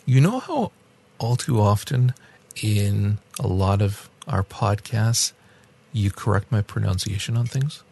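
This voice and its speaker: A man's voice: on the low side, lively intonation, unhurried, creaky, darkish tone, breathy edge. A man co-hosting a podcast, talking casually and ranting with animation, laughing and restarting his sentences. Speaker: podcast co-host. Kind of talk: casual podcast chat about a documentary.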